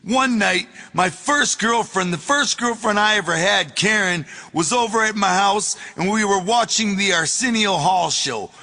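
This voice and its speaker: A man reading his own memoir aloud in a casual, profane storytelling manner that bursts into shouts. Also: high-pitched, a little slow, few pauses, long reverb tail.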